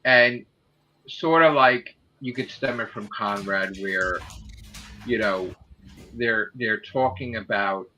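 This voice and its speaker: A man co-hosting a casual streamed podcast, pitching a story idea with excitable, profane energy and a habit of checking in with "right?" after each point. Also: slow, slight background noise, rough recording. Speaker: podcast co-host.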